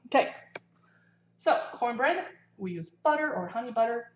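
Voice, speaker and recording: A woman with a slightly high voice chats casually to viewers while cooking, talking as she eats and works. She is in a home kitchen with lots of echo, and the sound is a bit dull. A faint hum sits under her voice. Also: expressive, normal speed. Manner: chatty, talks while eating and cooking. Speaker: livestream cooking host. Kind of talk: casual livestream cooking chat.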